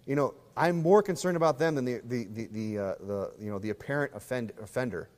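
A pastor delivering a conversational sermon, acting out little scenes in other voices. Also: male voice, mid-range voice, a little fast, darkish tone, long reverb tail.

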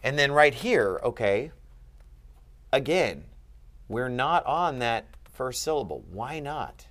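A man's voice: mid-range voice, big pitch swings, slow, a bit bright. A man tutoring a student in Greek grammar, patient and asking leading questions. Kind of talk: one-on-one grammar lesson.

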